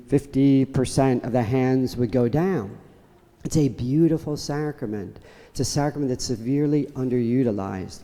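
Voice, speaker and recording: A priest delivers his homily to the congregation, telling a playful story with an easy storyteller's touch. His voice is mellow and even in pitch. Long church reverb trails behind each phrase. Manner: storytelling with humor. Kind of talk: sermon.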